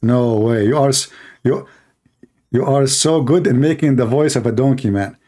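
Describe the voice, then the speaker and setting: A man hosting a call-in livestream, talking casually, mocking and laughing at callers and repeating words in quick bursts. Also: medium pitch, mellow. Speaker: livestream host taking calls.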